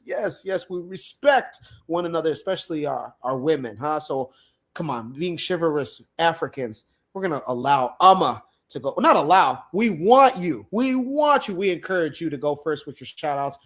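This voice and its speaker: A man hosting a livestream panel chat, animated and laughing often, acting out quoted lines. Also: on the high side, moderate pace. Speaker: podcast host.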